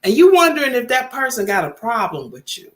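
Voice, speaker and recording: A woman's voice: on the high side, sing-song, brisk. A woman, chatting casually with viewers as host of her livestream. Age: 50s. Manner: chatty, talks straight to viewers.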